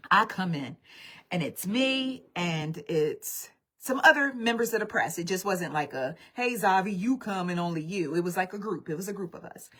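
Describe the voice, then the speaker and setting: A woman vlogger telling a story to her viewers in an animated, chatty way, speaking straight to them. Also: on the low side. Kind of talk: casual storytime livestream.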